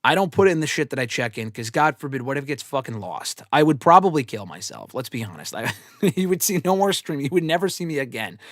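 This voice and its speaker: A man's voice: mid-range voice, sing-song, fast, fairly bright tone, no room sound, studio quality. A man hosting a wrestling show, telling rambling, profane, self-deprecating stories in casual livestream chat. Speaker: wrestling show host answering fan questions.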